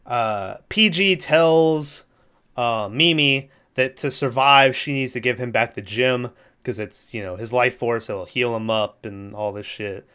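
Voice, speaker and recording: A man's voice: medium pitch, unhurried, bright, forceful tone, smooth. A man co-hosting a podcast, casually recapping a movie plot in a rambling way, laughing often and acting out the characters' lines. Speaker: podcast co-host.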